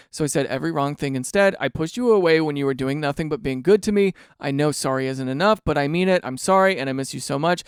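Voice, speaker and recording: A young man with a fairly high, smooth, clean voice, recorded close and dry, riffs on messages he reads aloud. He swings between disbelief and mock outrage, throwing in sarcastic asides as he goes. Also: dry recording. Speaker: host reacting to online posts. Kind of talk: comedic reaction commentary.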